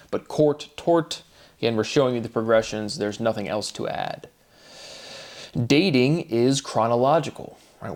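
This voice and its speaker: A man giving a rambling solo monologue, posing rhetorical questions to himself and dwelling on wordplay, slowing right down as he asks them. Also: mid-range voice. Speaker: solo lecturer. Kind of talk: solo spoken monologue on word theory.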